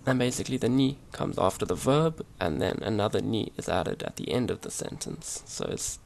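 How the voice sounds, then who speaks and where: A man explaining grammar over his slides in a relaxed, hesitant way, with many fillers and restarts. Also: fairly low pitch, normal speed, gravelly. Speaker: language teacher. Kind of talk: casual slide-based language lesson.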